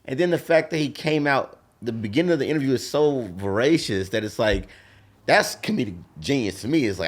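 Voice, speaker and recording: A man's voice: mid-range voice, animated, a little fast. A man who is a comedian, co-hosting a casual podcast chat, swearing freely and acting out quotes.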